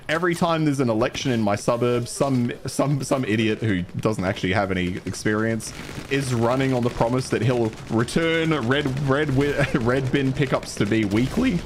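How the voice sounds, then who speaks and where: An Australian man streams a game while ranting, swearing and sounding exasperated. His pitch swings widely and his voice jumps high when he gets worked up. Faint gunfire and game noise sit behind him. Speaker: gaming streamer. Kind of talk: ranting gameplay commentary.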